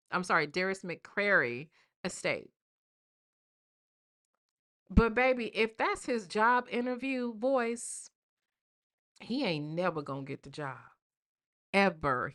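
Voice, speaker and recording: A woman hosting a casual commentary show, sassy and animated, talking straight to her viewers. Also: medium pitch. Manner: sassy, animated, addresses chat directly.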